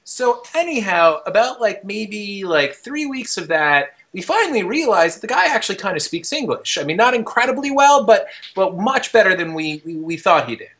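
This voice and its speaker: A young man hosting a podcast, telling a long story in casual, rambling chat, full of fillers, restarts and casual swearing, shouting out the quoted lines. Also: high voice, normal speed, few pauses. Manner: animated, loose storyteller with many fillers and restarts. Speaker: podcast host.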